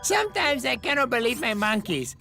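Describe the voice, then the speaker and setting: A woman's voice: on the high side, sing-song, brisk, creaky, music in the background. An actress playing an exasperated female cartoon overseer who talks in a dry, weary way.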